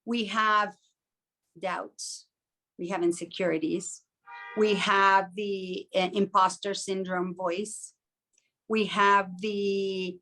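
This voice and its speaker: Woman on a podcast talking real slow, plays out little inner voices as she goes. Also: medium pitch, level tone, bright, forceful tone. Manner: reflective, acts out inner voices in quotes. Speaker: podcast co-host. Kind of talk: casual podcast chat.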